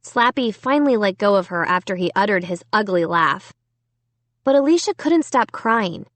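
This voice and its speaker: A woman reading a storybook aloud in an expressive first-person narration. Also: medium pitch, moderate pace, no room sound. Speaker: audiobook reader.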